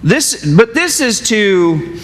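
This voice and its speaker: A male pastor preaches to his congregation in a high, very expressive voice that swings up and down. He keeps asking the room questions. His words ring with the long reverb of a church hall. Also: slow. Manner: animated, asks the congregation questions. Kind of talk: sermon. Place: church sanctuary.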